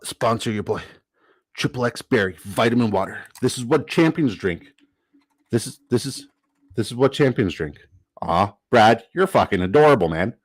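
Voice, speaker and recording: A man hosting a live stream, upbeat and chatty, swearing casually and giving shout-outs. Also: medium pitch, dry recording, rough recording. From Canada. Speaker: livestream host. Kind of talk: casual livestream commentary.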